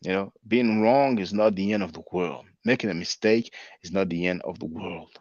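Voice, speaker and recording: A man's voice: low voice, moderate pace, darkish tone, no echo, highs cut off. A man in his forties hosting his channel, reading viewer comments aloud and answering them in casual commentary. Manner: conversational, spells words out, laughs at comments. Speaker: channel host reading live chat.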